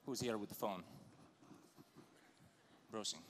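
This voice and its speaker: Speaking slowly in a fairly low, slightly bright voice, this conference speaker from Lithuania has an Eastern European accent and teases and singles out people in the audience during his live talk. The large conference hall gives a long reverb, with slight background noise.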